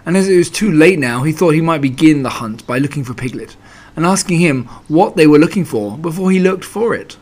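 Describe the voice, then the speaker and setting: A man's voice: fairly high pitch, a little fast. Man reading a children's story. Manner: expressive, animated reading.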